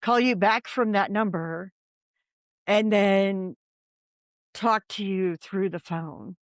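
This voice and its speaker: A woman's voice: mid-range voice, slow pace, no room sound, studio quality. Rambling woman telling ghost stories. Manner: rambling, lots of ums and likes. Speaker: paranormal investigator guest. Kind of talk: casual storytelling chat.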